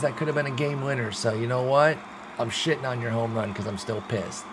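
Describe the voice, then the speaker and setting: A young man commentating his own baseball sim game like a play-by-play announcer, swinging between sulky frustration and loud excited outbursts, with some swearing. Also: mid-range voice, fairly quick, noisy background. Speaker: gaming streamer.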